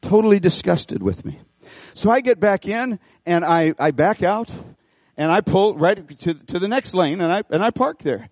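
A middle-aged man pastoring a church, preaching an animated sermon, folksy and full of repeated phrases as he tells a story. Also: high voice, no room sound, clean studio sound. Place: church auditorium.

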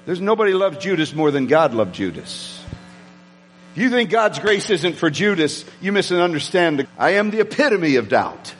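A man preaching a sermon to his congregation, excitable and prone to yelling. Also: sits high. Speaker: pastor. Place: church sanctuary with congregation. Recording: long hall reverb.

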